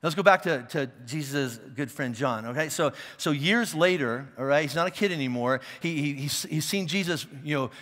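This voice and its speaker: A man's voice: fairly high pitch, moderate pace, few pauses, a bit bright, big-room sound. A man preaching a sermon as a pastor, talking conversationally and checking in with listeners, often restarting his words. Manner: repeats and restarts words as he thinks. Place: church auditorium.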